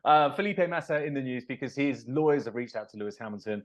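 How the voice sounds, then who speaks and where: Laid-back co-host with a mid-range voice, wry and a bit weary. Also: male voice, mid-range voice, lively intonation, quick pace, few pauses. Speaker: podcast co-host. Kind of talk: casual motorsport chat.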